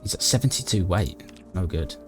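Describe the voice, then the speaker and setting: Lowish male gaming narrator, deadpan and mock-dramatic, over soft music. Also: normal speed. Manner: dry, mock-dramatic, talks to his character. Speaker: gaming YouTuber narrating a playthrough. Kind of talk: comedic game commentary and narration.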